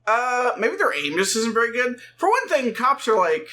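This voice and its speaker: A man's voice: very high voice, very animated, moderate pace, sharp tone, slight background noise. A man chatting casually over a game, rambling a little and correcting himself, with dry jokes. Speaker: let's play co-host. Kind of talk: casual gameplay chat.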